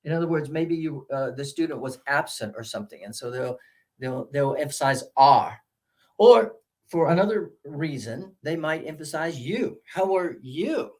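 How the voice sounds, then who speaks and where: A man leading a teaching seminar, animated and demonstrative, with sudden jumps in pitch. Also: moderate pace. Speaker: teacher trainer. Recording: roomy echo.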